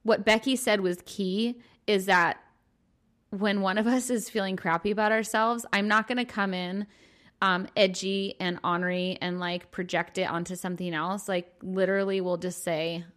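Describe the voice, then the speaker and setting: A woman's voice: medium pitch, steady tone, normal speed, fairly bright tone. A young adult woman, a mother, co-hosting a podcast in casual chat, candid and earnest with playful jokes. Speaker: podcast co-host.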